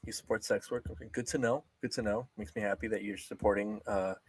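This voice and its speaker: Animated young man, swearing, dry sound. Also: fairly low pitch, quick pace, breathy edge, no echo. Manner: animated, swears a lot, mocking impressions. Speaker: podcast co-host. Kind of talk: casual chat.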